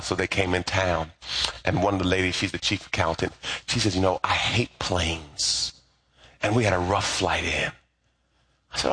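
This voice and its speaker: A middle-aged man preaching a sermon, animated and calling on the congregation to repeat after him. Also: mid-range voice, breathy edge. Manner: lively, animated preaching with call-and-response. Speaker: pastor.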